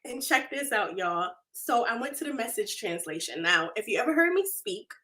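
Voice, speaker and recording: A woman hosts a casual faith podcast in a fairly high voice. She talks in an animated, confessional way, laughs often and reads listener comments aloud. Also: normal speed. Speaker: podcast host and faith coach.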